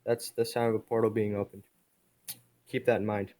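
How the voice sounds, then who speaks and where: A man narrating his own homemade comic in a low-key, quiet way. He drops dry, self-mocking jokes between panels, so it comes across as a casual chat. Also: little pitch movement, moderate pace. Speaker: video creator.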